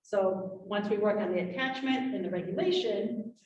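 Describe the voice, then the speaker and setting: A woman giving a workshop presentation to parents, lively, acting out quotes from parents and children. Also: mid-range voice, moderate pace, muffled recording, slight background noise. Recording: roomy, from far off.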